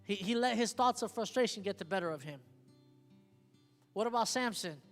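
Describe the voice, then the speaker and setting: Backed by soft guitar in a hall with long reverb, a man preaches as pastor, emphatic and repeatedly asking his congregation if they hear him. His voice sits high, with lively intonation and a normal speaking speed.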